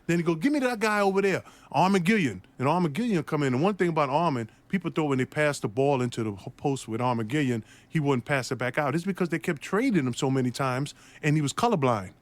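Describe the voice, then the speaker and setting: Guy telling a hoops story, laughs a lot, does all the voices, mid pitch. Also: fast talker, hardly any pauses. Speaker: former basketball player telling a story. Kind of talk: animated storytelling interview.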